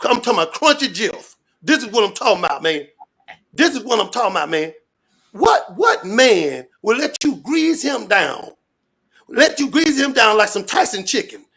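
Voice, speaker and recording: A man ranting loudly and profanely in street slang, rambling and repeating his catchphrases. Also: high voice, very animated, normal speed, vocal fry, husky. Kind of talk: animated rant to an interviewer.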